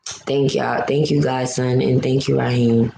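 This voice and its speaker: A woman's voice: rumbling low, creaky, mellow, echoey room, slight background noise, rough recording. A woman from New City, hosting a live stream and venting to viewers in a blunt, emotional, profane way. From New York City.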